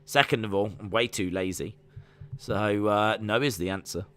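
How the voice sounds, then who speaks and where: A man's voice: fairly low pitch, normal speed, fairly bright tone, slight background noise. A man with an English accent casually chatting on a live stream, reading out viewer comments in a rambling, self-deprecating way. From England. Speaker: wrestling watch-along streamer.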